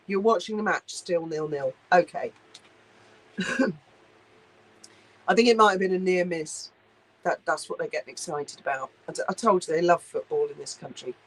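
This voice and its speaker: A woman's voice: on the low side, rough recording. A woman hosting a casual livestream, reading viewer comments aloud and answering in a chatty, blunt, sweary way. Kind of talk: casual live chat.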